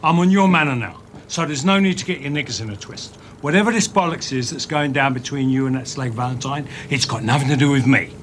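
An actor playing a hard, menacing working-class ex-convict, speaking with a thick Cockney accent and street slang from a film scene. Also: male voice, mid-range voice, a little hiss or hum, natural voice. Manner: street slang, slow, threatening. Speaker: film character.

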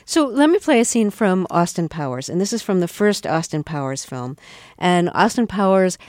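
A woman hosting an interview, asking measured questions. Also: on the low side, sing-song, darkish tone, no room sound, studio quality. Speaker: interview host.

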